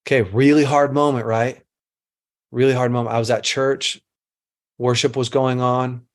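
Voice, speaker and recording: A man's voice: medium pitch, flat delivery, moderate pace. A middle-aged man giving an earnest teaching talk to a group, mixing instruction with a personal story and repeating phrases for emphasis.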